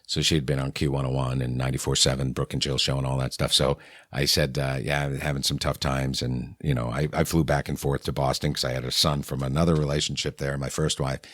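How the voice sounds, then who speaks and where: A man's voice: very deep voice, level tone, quick pace, fairly bright tone, dry recording, clean studio sound. A middle-aged man from New England, a radio morning host, telling candid anecdotes in a conversation and acting out the exchanges he quotes. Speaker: radio morning show host, podcast guest.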